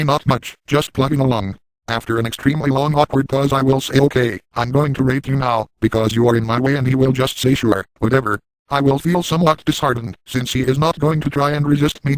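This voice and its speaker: A man voicing a crude, boastful, shameless adult man, telling the story in the first person with a flat, matter-of-fact delivery. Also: medium pitch, no echo, natural voice, poor audio.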